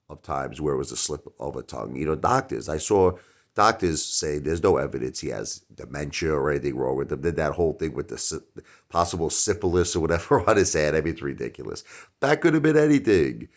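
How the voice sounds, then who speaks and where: A middle-aged man hosting his own channel, talking casually in a rhetorical opinion monologue that swings from loud outbursts to muttered asides. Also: a bass voice, brisk. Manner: animated, rhetorical, jumps between loud and mumbled asides. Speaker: YouTube channel host.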